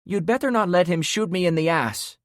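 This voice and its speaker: A wry young woman survivor, put on by a male narrator, bantering in a raised, lively voice that swings up and down. Her lines come across playful and teasing in a storybook reading. The sound is dry and close. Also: fairly high pitch, moderate pace, dry recording, voice pushed up.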